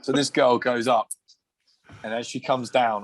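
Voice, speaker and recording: An English former rugby player, a podcast guest, tells loose, rowdy anecdotes at an average pitch and normal speed with fairly even intonation. He swears freely and chuckles through the tales, recorded dry and close with no echo or room sound.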